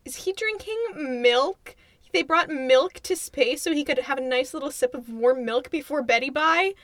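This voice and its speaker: A woman's voice: high-pitched, animated, normal speed, a bit bright, dry recording, studio quality. A woman co-hosting a podcast, giving sarcastic, giggly movie watchalong commentary with a lot of disbelief at what's on screen. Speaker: podcast co-host.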